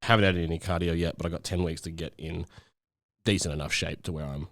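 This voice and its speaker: A man's voice: low voice, steady tone, quick pace, fairly bright tone. An Australian man, a fitness coach co-hosting a podcast, chatting casually in a laid-back way and swearing freely. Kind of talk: casual chat.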